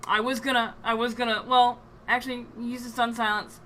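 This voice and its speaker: A woman narrating a tabletop game as game master, pausing often with ums and restarts. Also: a little high, flat delivery, fairly bright tone, slight background noise, low-quality recording. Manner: hesitant, with many ums and restarts.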